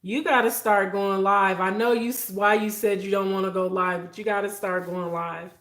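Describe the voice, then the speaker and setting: A woman's voice: mid-range voice, steady tone, moderate pace, a bit bright, echoey room. A woman hosting a casual livestream, chatty and heartfelt, talking straight to her viewers. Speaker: livestream host. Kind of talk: casual live-stream chat with viewers.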